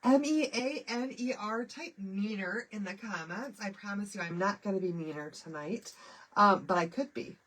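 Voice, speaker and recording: Greeting viewers by name, a chatty, bubbly middle-aged woman from Michigan runs a casual live craft stream despite a head cold that makes her nasal and congested. Her medium-pitched voice is a bit bright and moves at a normal speed.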